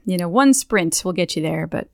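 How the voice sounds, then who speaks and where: A woman's voice: lowish voice, expressive, moderate pace, vocal fry, dry recording, clean studio sound. A woman co-hosting a podcast in casual chat, talking loosely with frequent laughs, swears and restarted sentences. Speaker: podcast co-host.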